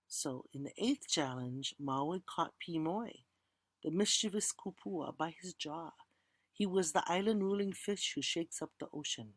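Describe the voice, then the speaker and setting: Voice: mid-range voice, a little slow, no echo. A teacher telling a legend as a lecture, reciting chant lines and then explaining them plainly, and inviting the audience to repeat words. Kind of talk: storytelling lecture.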